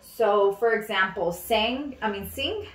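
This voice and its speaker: A woman leads a phonics lesson at a very slow, deliberate pace, repeating each word so it sinks in. Her voice carries the echo of a room and sits back from the microphone. The pitch sits in a middling range. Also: lively intonation, fairly bright tone, slight background noise. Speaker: teacher. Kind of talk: mock classroom phonics lesson. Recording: echoey room, mic at a distance.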